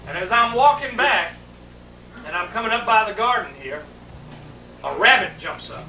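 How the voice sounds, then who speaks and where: A man's voice: high-pitched, lively intonation, moderate pace, pushed and bright. A middle-aged man, telling a family story in a colorful, folksy way and laughing as he goes. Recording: roomy, distant home video with faint noise.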